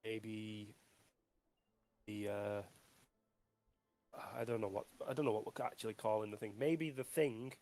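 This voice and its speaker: A man's voice: fairly low pitch, fairly even intonation, a little slow, pauses often, darkish tone. A man player in a tabletop game, thinking aloud hesitantly with dry jokes. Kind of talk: casual tabletop role-play.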